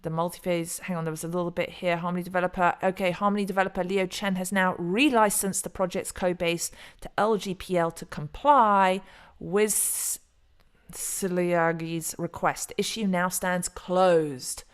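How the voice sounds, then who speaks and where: Chatty middle-aged woman, slightly low voice. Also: fairly even intonation, normal speed, clear, resonant tone. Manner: chatty, rambling, stumbles over names. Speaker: crypto video host. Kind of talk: casual solo commentary.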